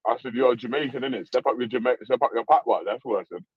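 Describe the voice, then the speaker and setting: A man's voice: medium pitch, quick pace, slightly rough, no echo, muffled recording. A man co-hosting a show, teasing a caller in slangy talk. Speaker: show co-host. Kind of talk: casual banter on a live call.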